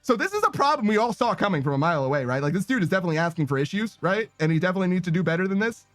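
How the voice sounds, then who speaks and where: A young man with a high, bouncy voice talks casually to his stream audience, reacting loudly and swearing freely. He is close to the mic with no room sound, and soft music plays behind him. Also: rapid-fire, no echo. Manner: animated, swearing, breaks into laughter. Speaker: streamer reading chat. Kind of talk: casual live-stream chat.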